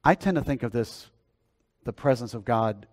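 A pastor preaching a sermon and praying, earnest, shifting between swelling phrases and quiet ones. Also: male voice, medium pitch, lively intonation, moderate pace. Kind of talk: sermon and prayer.

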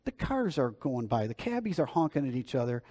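An incredulous young businessman, as a preacher puts him on, listing things off one after another. His voice is a man's ordinary middle pitch, close to the storyteller's own. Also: big pitch swings, a little fast, warm tone. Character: young businessman, amazed and skeptical.

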